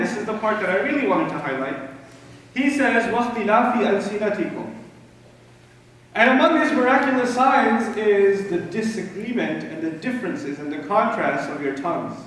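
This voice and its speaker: A man from Pakistan giving an animated religious lecture, emphatic and full of rhetorical questions and dry humor. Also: extremely high pitch. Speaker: Islamic lecturer. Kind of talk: lecture to a live audience. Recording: echoey hall recording from far off.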